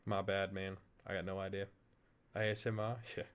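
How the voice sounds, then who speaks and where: A man's voice: low-pitched, monotone, moderate pace, clear, resonant tone. A man with an Australian accent, an esports caster casually reviewing his own casting, frank, swearing freely and mocking himself.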